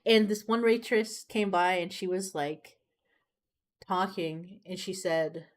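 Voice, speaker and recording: A woman's voice: fairly low pitch, steady tone, slow. A young woman streamer chatting casually while she draws, rambling and swearing freely. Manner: rambling, swears freely, laughs at her own stories. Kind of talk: casual chat while drawing on a livestream.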